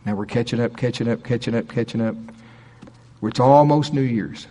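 A middle-aged man preaching, telling a story in an animated way and acting out quoted people with a raised voice. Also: mid-range voice, moderate pace. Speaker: pastor. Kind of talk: sermon storytelling.

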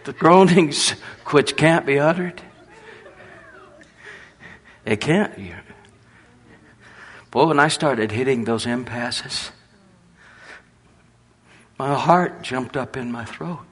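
A man preaching a sermon in a folksy, storytelling way with a husky voice. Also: mid-range voice, slow pace, long pauses.

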